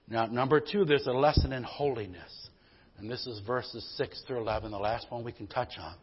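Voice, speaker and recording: A man's voice: medium pitch, normal speed. A male pastor preaching a sermon in a church, with emphatic call-and-response and folksy storytelling asides. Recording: dull lo-fi sermon recording.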